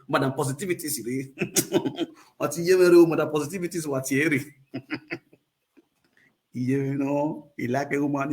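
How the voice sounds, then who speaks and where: A man with a Nigerian accent hosting a casual livestream chat, rambling, repeating catchphrases and laughing often. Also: mid-range voice. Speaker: livestream host.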